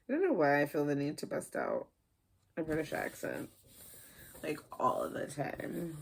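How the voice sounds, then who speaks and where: A young woman from the Midwest hosting a casual craft tutorial, a little high, rambling and playful with lots of fillers. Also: wildly swooping pitch, moderate pace, vocal fry, fairly bright tone. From American Midwest. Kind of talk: casual how-to demonstration.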